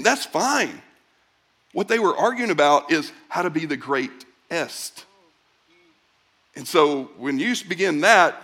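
Middle-aged guy preaching, chatty and lively, voice sits a bit high, acts out bits of dialogue. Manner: conversational, animated preaching with acted-out voices. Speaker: pastor. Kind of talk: sermon.

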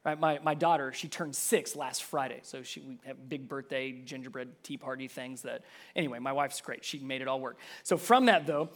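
Conversational male pastor preaching. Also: moderate pace. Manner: conversational preaching, rises high and loud telling stories. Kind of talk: sermon.

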